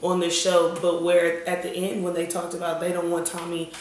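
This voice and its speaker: A woman co-hosting a casual TV review chat, relaxed and opinionated, often talking over her partner. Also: on the low side, normal speed. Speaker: podcast co-host. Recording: echoey room, mic far off, faint noise.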